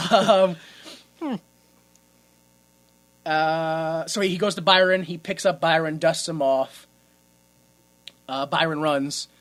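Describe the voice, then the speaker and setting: Bright-voiced joking podcast guy. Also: a little high, slow pace, pauses often. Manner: crude, joking, laughs often while retelling scenes. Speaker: podcast co-host. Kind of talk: casual podcast chat reviewing a movie.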